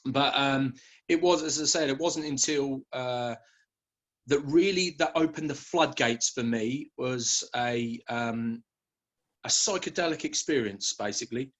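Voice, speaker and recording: A man, a guest telling his story in a relaxed interview, often hesitating with fillers and restarts. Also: mid-range voice, unhurried. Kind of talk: conversational interview.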